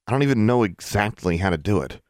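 A man's voice: on the low side, expressive, quick pace, no echo, close to an everyday voice. A man voicing a blunt, frank teenage girl who is a witch, close to his own voice. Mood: thoughtful.

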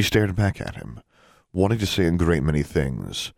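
A man reading a fantasy audiobook with expressive, varied narration. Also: low voice, normal speed, creaky, no echo. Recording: dry close studio sound.

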